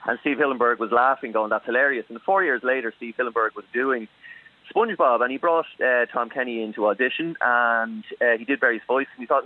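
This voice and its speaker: A man's voice: mid-range voice, fast. A man, a voice actor chatting as a guest in a radio interview and telling stories with easy laughs. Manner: chatty, laughs easily, storytelling. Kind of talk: casual radio interview by phone. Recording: tinny phone line, dry.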